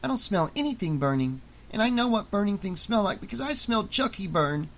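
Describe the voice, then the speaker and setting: A man putting on a scared seven-year-old boy, voiced higher than his own voice. The boy sounds anxious and wary, and his fear keeps rising. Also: big pitch swings, a little fast, a bit bright, heavily acted. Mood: uneasy. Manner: anxious, panicked inner thoughts.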